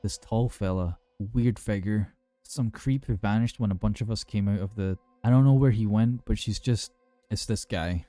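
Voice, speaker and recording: A man's voice: lowish voice, moderate pace, mellow, no room sound, soft background music, lightly acted. A man doing a slurring drunk bloke. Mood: shaken. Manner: slurring, rambling, swearing. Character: drunk young British man calling for help, rattled.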